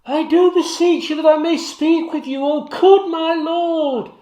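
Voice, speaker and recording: A loyal, outraged maidservant cries out in a high, strained voice, as a man reads her part. Her lines come out loud and urgent. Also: measured pace. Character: loyal, outraged female servant, middle-aged. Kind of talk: dramatic reading of a play.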